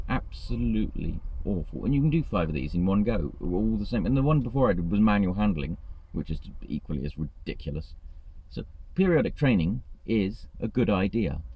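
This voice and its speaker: A man's voice: fairly low pitch, sing-song, moderate pace, slightly rough, dry recording, highs cut off. A man, a truck driver, ranting in a vlog, exasperated and swearing freely.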